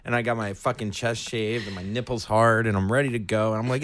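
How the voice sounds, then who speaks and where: A man co-hosting a podcast, telling a crude, rowdy story in casual chat and loudly acting out what people said. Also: mid-range voice, steady tone, fast talker, hardly any pauses. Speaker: podcast co-host.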